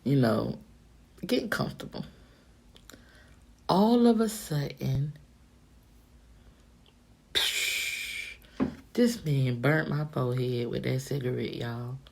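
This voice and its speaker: Very deep, gravelly-voiced woman telling a story. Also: a little slow, few pauses, slight background noise. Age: adult, past her younger days. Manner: candid, profane, animated storytelling. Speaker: vlogger. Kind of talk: casual storytime monologue.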